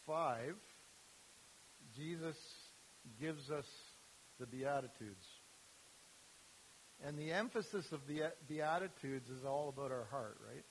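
A man's voice: medium pitch, slight background noise, rough recording. A man giving an informal sermon as a youth ministry speaker, talking conversationally with many fillers and restarts.

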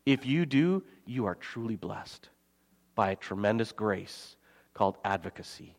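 A man preaching a sermon as pastor, swinging between loud emphasis and quiet, soft asides. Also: fairly low pitch, expressive, measured pace, gravelly. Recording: long hall reverb.

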